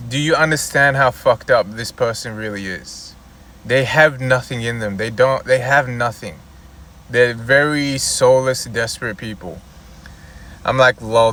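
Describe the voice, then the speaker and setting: A man's voice: mid-range voice, fairly bright tone. A man vlogging from inside a car, ranting in a loose, profane, rambling way, full of "you know" and "like". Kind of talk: casual ranting monologue.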